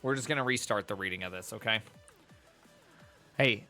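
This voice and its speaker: Man, live streamer, casual rambling chat, joking, bright tone. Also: lowish voice, moderate pace, faint music behind. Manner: animated, jokey, rambling asides to chat. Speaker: live streamer reading tech articles with chat.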